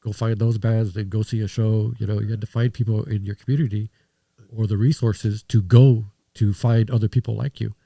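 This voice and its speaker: Fast-talking man with a gravelly, dark voice. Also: on the low side, steady tone, no echo, clean studio sound. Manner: reflective, rambling with restarts. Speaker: podcast guest. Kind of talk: casual conversation.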